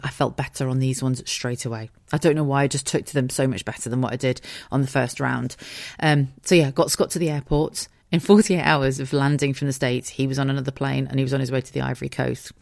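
A woman hosting her own podcast, telling a personal story at home in a frank, animated and sweary way. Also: rumbling low, creaky, dry recording, studio quality. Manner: frank, sweary and animated, acts out quoted voices. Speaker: podcast host. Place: home, dogs audible nearby.

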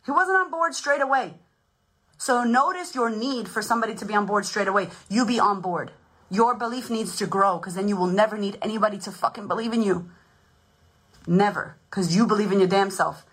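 A woman's voice: mid-range voice, fairly quick, a bit bright, slightly rough, rough recording. A woman in her thirties, a podcast host and confidence coach, giving a blunt, swearing, emphatic motivational talk in a casual livestream.

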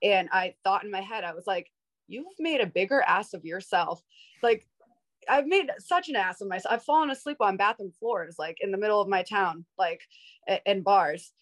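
A woman's voice: mid-range voice, animated, normal speed, a bit bright, rough recording. A woman in her thirties from Boston, a guest on a video-call interview, telling candid stories in an outgoing way and laughing often. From Boston, USA. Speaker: guest, sober bartender. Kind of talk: casual interview storytelling.

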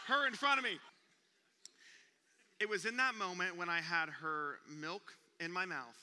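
A young man preaching, an animated storyteller who acts out gasps and sounds during a comic story, speaking in a church auditorium. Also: high voice, a little slow, long pauses, a little hiss or hum. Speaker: youth pastor. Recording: long reverb of a church hall.

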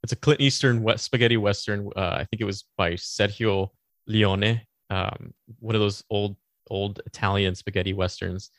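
A man's voice: fairly low pitch, fairly even intonation, normal speed, no room sound, clean studio sound. A man co-hosting a casual podcast chat, rambling with many restarts. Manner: rambling, restarts often, laughs easily. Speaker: podcast co-host.

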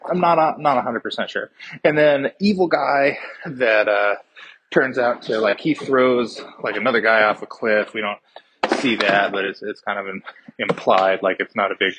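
A man's voice: on the low side, fairly even intonation, moderate pace, fairly bright tone, a little hiss or hum, poor audio. A man recapping a movie plot in a casual, rambling way, swearing freely and trailing off into fillers and restarts. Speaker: podcast movie reviewer.

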